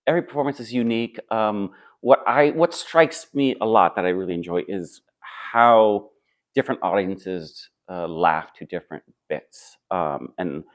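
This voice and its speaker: A man who acts on stage answers interview questions in a relaxed, thoughtful way, pausing often with fillers and restarting his sentences. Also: on the low side. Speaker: stage actor.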